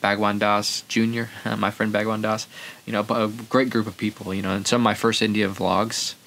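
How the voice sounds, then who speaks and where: A man's voice: on the low side, little pitch movement, moderate pace, vocal fry, a bit bright, slight background noise. A man hosting a podcast, telling a story in a rambling, casual way and acting out the quotes. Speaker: podcast host.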